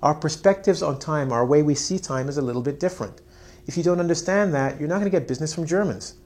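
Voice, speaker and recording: Teaching English online with lots of energy, a Canadian man speaks quickly in a fairly high, darkish-toned voice. He plays out his students' lines with dramatic vocal leaps and frequent laughter.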